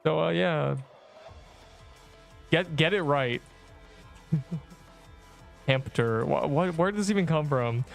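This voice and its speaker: Excitable male gaming streamer. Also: a little high, takes it slowly, vocal fry, pauses often, soft background music. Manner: excitable, laughing, rambling asides. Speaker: livestreamer. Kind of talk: gameplay livestream commentary.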